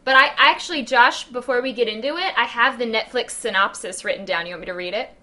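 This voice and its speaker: A woman co-hosting a podcast in casual chat, enthusiastic and quick to laugh. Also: fairly high pitch, pushed and bright, slight background noise. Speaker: podcast co-host.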